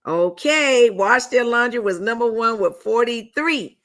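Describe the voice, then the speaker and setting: A woman's voice: a little high, animated, measured pace, a bit bright. A woman hosting a casual talk show, chatty and playful as she runs a party game for her guests. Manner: chatty and playful, with folksy phrasing.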